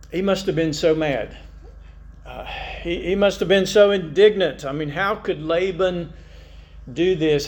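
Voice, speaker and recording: Man preaching a sermon, slightly high voice. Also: darkish tone. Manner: conversational, musing, reads scripture aloud. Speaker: pastor.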